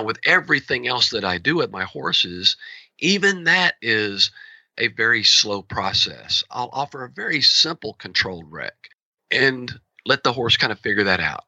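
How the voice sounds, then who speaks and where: A man, a horse trainer, explains his training approach with a forceful, bright, edgy voice and lively storytelling that slips into acted-out dialogue. The sound is dry and close, with a slightly muffled, lo-fi quality. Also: fairly low pitch, no room sound. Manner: animated storyteller who acts out quoted dialogue. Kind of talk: explaining training methods in conversation.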